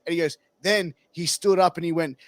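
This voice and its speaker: A man hosting a casual interview, telling stories in an animated way and swearing freely. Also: on the high side, a little fast, dry recording. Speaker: podcast host.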